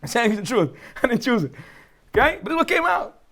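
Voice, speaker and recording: A man with a Brooklyn accent teaches a Torah class in a high, swooping voice. He rattles along at a fast clip, joking and throwing rhetorical questions at his listeners. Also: big pitch swings, vocal fry, a bit bright. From Brooklyn, United States. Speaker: rabbi teaching a weekly class. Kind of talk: lively Torah class talk.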